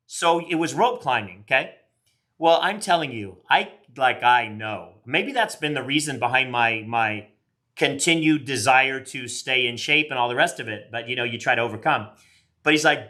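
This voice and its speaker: Chatty bright-voiced man in his fifties. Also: medium pitch, lively intonation, normal speed. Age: 50s. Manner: chatty, rambling, self-deprecating. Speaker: card collector doing a live box break. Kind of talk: casual live-stream chat.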